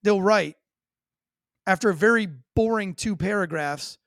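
Blunt high-voiced man telling a story. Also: a little slow, gravelly, fairly bright tone, no room sound, clean studio sound. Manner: blunt, profane, vivid storytelling. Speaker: former police officer. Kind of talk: recounting a personal story in an interview.

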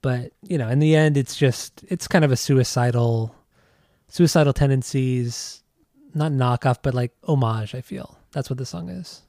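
A man co-hosting a casual music podcast, laid-back and rambling, quick to laugh. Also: mid-range voice, dark tone, no echo, studio quality. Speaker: podcast co-host.

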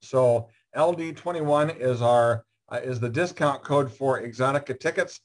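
A man hosting a casual online show, friendly and halting with lots of fillers. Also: mid-range voice. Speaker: host. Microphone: video call.

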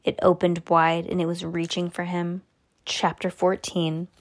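A woman reading a children's chapter book aloud, lively and animated, her voice jumping high on the exclamations. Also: a little slow. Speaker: storybook reader.

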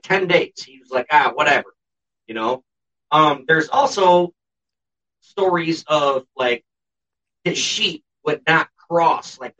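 A blunt, sarcastic man co-hosts a podcast, swearing his way through a story. His voice sits on the higher side. The sound is dull and lo-fi, as if he were sitting back from the microphone. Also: sharp tone. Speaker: podcast co-host. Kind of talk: casual podcast chat. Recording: dull lo-fi sound, distant from the mic.

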